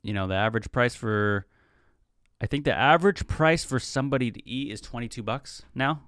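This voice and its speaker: A young man in his twenties hosts his own podcast, chatting in a loose, rambling way and slipping into quick impressions of people he quotes. His voice is smooth and clear at an ordinary middle pitch. The sound is dry and close, with no room around it. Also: a bit bright, no room sound. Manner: rambling, chatty, acts out quoted gamer talk. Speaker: podcast host. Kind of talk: casual solo podcast monologue.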